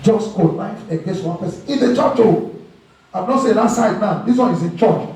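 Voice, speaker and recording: A man's voice: high voice, moderate pace, a little mellow. A man preaching a sermon as pastor, acting out quoted voices and slipping into pidgin. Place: church hall. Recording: very echoey hall, mic far off.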